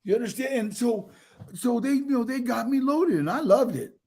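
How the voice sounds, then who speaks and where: An older man telling his own life stories in a casual interview, animated, with many restarts and acted-out quotes. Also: extremely high pitch, moderate pace, breathy edge. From United States.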